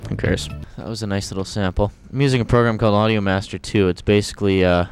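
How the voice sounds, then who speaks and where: A man's voice: fairly low pitch, fairly even intonation, fast talker. A man casually demonstrating computer sound samples on an old home video, talking in offhand, rambling asides that trail off. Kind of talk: casual demo commentary. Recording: old home video with loud music behind.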